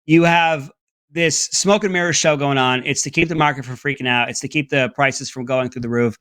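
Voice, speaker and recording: A man's voice: steady tone, fairly quick, a bit bright, no echo, studio quality. A man hosting an opinionated political commentary segment, talking in a mocking, sarcastic way. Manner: mocking, breaks into high mimicking voices.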